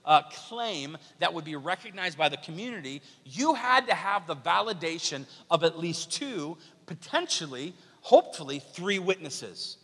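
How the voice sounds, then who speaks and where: A man preaching a sermon as pastor, lively and questioning the congregation. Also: a little high, normal speed, hardly any pauses, breathy edge. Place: church sanctuary. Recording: long church hall reverb.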